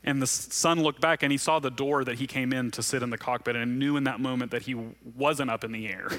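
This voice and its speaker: Male pastor, sermon; conversational and earnest, bright forceful tone. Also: medium pitch, steady tone, fairly quick. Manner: conversational, earnest, laughs often.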